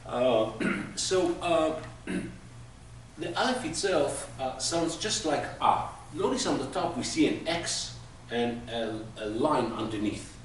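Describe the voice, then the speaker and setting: A man's voice: medium pitch, expressive, takes it slowly. Echoey man teaching a class. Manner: patient, explains with everyday examples. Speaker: Hebrew teacher. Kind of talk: classroom lesson. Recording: echoey room from far off, faint noise.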